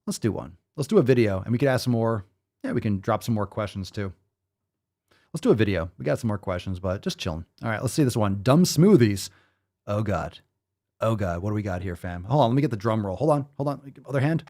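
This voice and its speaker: A man hosting a live fitness Q&A stream, talking in a profane, ranting and energetic way. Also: on the low side, fairly quick. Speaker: fitness show host.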